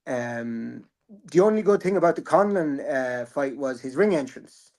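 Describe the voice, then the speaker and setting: A man's voice: mid-range voice, lively intonation, a little slow, darkish tone. Rambling, joking man. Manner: rambling, joking, swears freely. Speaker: boxing podcast host. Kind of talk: casual chat.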